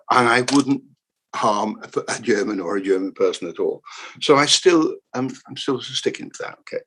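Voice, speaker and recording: A man giving a humorous keynote lecture on the history of maths, jokey and animated, repeating words for emphasis. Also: lowish voice, slightly rough, poor audio. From United Kingdom. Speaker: keynote speaker.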